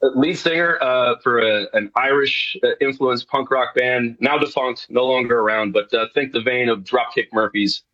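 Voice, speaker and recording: A man's voice: mid-range voice, moderate pace, hardly any pauses, a bit bright, lo-fi sound. Earnest rambling man from New York. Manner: earnest, rambling, many restarts. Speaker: guest. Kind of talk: casual radio interview.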